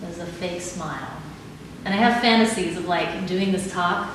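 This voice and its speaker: A woman giving a live talk and calmly guiding an audience through exercises, with gentle instructive phrasing. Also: on the low side, normal speed, noisy background. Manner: gentle, instructive, laughs easily. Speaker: performer leading the audience. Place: large hall with an audience. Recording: very echoey hall, speaker far off.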